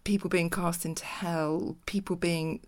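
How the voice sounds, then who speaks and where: A woman's voice: lowish voice, level tone, a little slow, darkish tone. Laughing, playful woman podcast host. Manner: curious, laughs often, playful questions. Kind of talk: casual interview.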